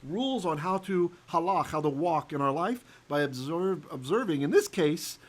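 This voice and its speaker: A man teaching a Torah lesson as a rabbi, animated and often checking in with his listeners, sometimes chanting verses. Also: fairly high pitch, moderate pace, poor audio.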